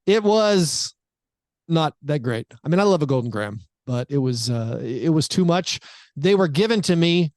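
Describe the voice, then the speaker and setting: A man's voice: on the high side, lively intonation, normal speed, darkish tone, no echo, studio quality. A man hosting a podcast in casual chat, rambling along with many fillers and restarts. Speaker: podcast host.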